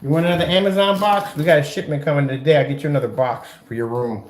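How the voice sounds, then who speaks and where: A man's voice: a little high, steady tone, quick pace. A man explaining screen painting in a casual how-to vlog at home. He talks in a rambling, chatty way and often corrects himself. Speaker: maker of projection screen paint. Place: indoors at home. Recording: roomy echo, faint noise.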